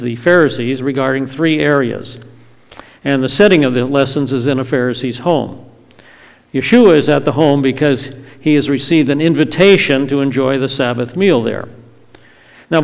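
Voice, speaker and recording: A man delivers an evening Bible teaching at a steady, explanatory pace, pausing to read passages aloud. His voice sits at an ordinary middle pitch. The sound rings with the long reverb of a large hall. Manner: measured, explanatory, quoting scripture. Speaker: Messianic teacher.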